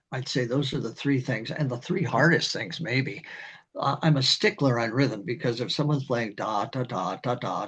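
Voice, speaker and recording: An older man, a community band director, explaining conducting in a rambling, halting way and singing rhythms. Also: medium pitch, a bit bright, breathy edge. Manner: rambling, halting, with many fillers and sung rhythms. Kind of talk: instructional talk on conducting.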